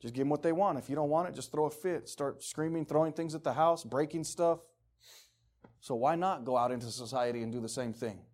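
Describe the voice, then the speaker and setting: Middle-aged guy preaching casual, kinda high voice, emphatic, does little voices for examples. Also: a little fast, a little mellow. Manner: conversational, emphatic, acts out quoted voices. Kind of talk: casual sermon.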